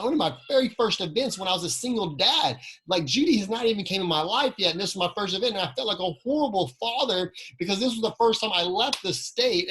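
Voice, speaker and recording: A man with a slightly high, husky voice delivers a motivational training talk. He tells personal stories, asks the audience questions and repeats his key lines for emphasis. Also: fairly bright tone, rough recording. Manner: storytelling with rhetorical questions and repeated phrases.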